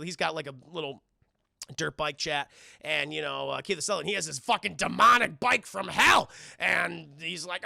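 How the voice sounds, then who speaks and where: Young man, streamer, rambling crude recap, gravelly, high voice, close dry mic. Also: moderate pace, bright, forceful tone, dry recording. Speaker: streamer and film reviewer. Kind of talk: casual, profane film recap to chat.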